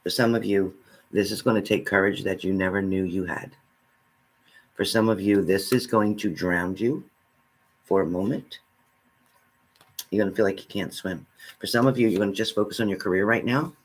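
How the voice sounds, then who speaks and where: A man's voice: sits low, moderate pace, pauses often. A man giving a spiritual reading, speaking earnestly and straight to the listener, repeating his phrases. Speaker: spiritual reader.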